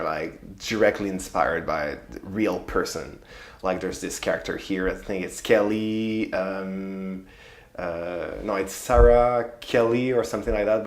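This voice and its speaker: A man from French Canada with a strong Quebec French accent, speaking haltingly in an interview as a performer. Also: deep voice, roomy sound. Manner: halting, restarts phrases often.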